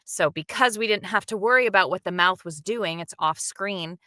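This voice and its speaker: A woman's voice: mid-range voice, normal speed, pushed and bright, dry recording, clean studio sound. A woman, a dub director, talking animatedly in an interview and acting out the lines she quotes. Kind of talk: interview, behind-the-scenes talk.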